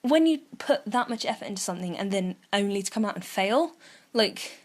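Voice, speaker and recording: A woman's voice: mid-range voice, animated, brisk. Chatty young woman podcast host. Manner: chatty, many fillers, acts out quotes. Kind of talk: casual chat.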